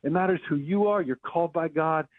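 A man doing an excited rental clerk on a phone line. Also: a little high, brisk, no echo, pitched above the performer's own voice, lightly acted. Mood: insistent. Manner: emphatic, urgent. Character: excited male car rental clerk, insistent.

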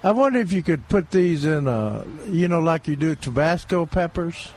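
A man's voice: on the high side, expressive, normal speed, darkish tone, a little hiss or hum. A man co-hosting a garden radio show, talking casually with many restarts and repeated words.

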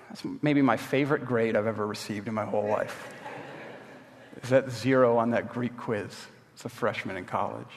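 A man's voice: fairly low pitch, steady tone, normal speed. A man preaching a sermon, telling personal stories in a conversational way and acting out what his friends said. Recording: long reverb.

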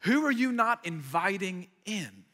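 A man preaching a sermon as pastor, conversational and animated, with repeated asides before a live audience. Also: sits high, a little slow. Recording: long hall reverb.

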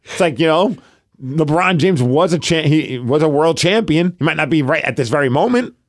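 Man, thirties, casual chat, animated, lots of "like", higher pitch. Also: normal speed, no echo, studio quality. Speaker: podcast co-host.

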